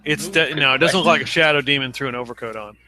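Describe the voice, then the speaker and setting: A man's voice: medium pitch, quick pace, pushed and bright. A man narrating a tabletop game as game master, casual and hesitant, with many fillers.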